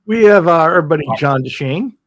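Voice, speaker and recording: A man's voice: on the high side, expressive, normal speed. A man hosting a casual livestream chat, easygoing as he reads out viewers' names. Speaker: host.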